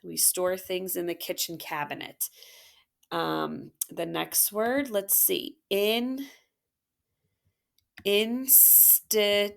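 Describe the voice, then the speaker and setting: Woman teacher, low gravelly voice, slow and patient, phonics walkthrough. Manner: patient, encouraging, sounds out words slowly.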